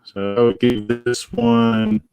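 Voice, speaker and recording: A man's voice: mid-range voice, sing-song, slow pace, vocal fry, darkish tone, clear, resonant tone, no room sound, rough recording. A man co-hosting a casual talk show, speaking in a laid-back, rambling, hesitant way. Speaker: co-host. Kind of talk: casual chat.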